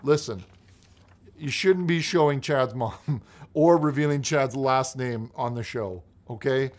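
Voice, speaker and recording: A man hosting a comedic call-in show, reading out faxes in a halting, flustered way with many restarts. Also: mid-range voice. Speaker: host.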